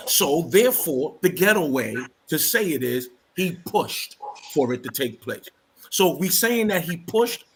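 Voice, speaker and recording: A man's voice: a little high, fairly bright tone, slight background noise. A man, a bishop on a sports panel, making his case emphatically in a heated casual debate and insisting on finishing his point.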